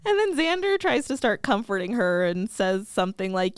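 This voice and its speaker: A woman's voice: a little high, smooth, dry recording, studio quality. A woman on a casual podcast, recapping a TV episode and acting out the characters' lines with frequent laughter. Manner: acts out characters' lines in quick bursts, laughs often. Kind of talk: casual podcast chat, retelling scenes.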